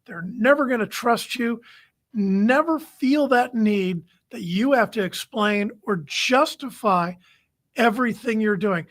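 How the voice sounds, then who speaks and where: A man's voice: high-pitched, unhurried, fairly bright tone. Man, recruiting coach, talking to camera, firm, instructive, plain-spoken tips. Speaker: recruiting coach and show host. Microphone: camera-facing webcast.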